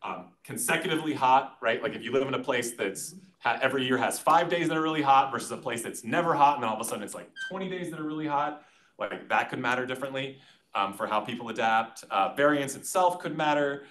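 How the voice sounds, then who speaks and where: A man's voice: medium pitch, animated, fast talker, fairly bright tone. Rambling man giving conference comments. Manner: rambling, filler-heavy, self-deprecating. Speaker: conference discussant. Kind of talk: casual academic commentary. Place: conference session room.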